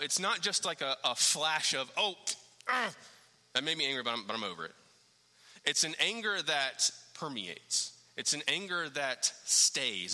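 A man preaching a sermon in a fairly high, very bright and cutting voice. He is animated, dropping low and quiet, then climbing to loud emphasis with rhetorical questions. A long reverb of a large hall hangs on every phrase. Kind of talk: expository sermon.

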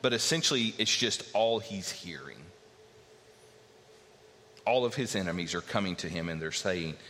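A man's voice: sits low, expressive, moderate pace, pauses often, bright, forceful tone, slight background noise. A man preaching a sermon earnestly, teaching verse by verse and acting out the voices he quotes. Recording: long hall reverb.

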